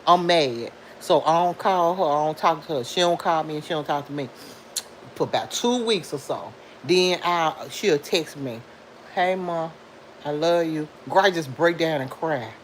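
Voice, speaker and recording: A middle-aged woman hosts a relaxed livestream at a moderate pace, reading comments from viewers and chatting freely while her lively voice rises sharply for emphasis. Sound quality is poor, with a slight hiss or hum.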